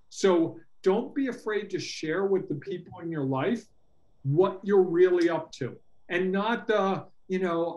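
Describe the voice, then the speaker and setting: A middle-aged man coaching entrepreneurs in a casual workshop talk, earnest and animated, acting out quoted dialogue. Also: high-pitched, a little slow. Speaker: workshop presenter and business coach.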